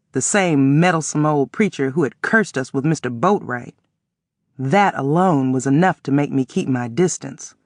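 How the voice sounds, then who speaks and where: A man reads a novel aloud in first person with measured, even storytelling. His voice sits fairly high. The recording is close and dry, with no room sound. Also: no room sound. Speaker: audiobook narrator. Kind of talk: scripted first-person narration.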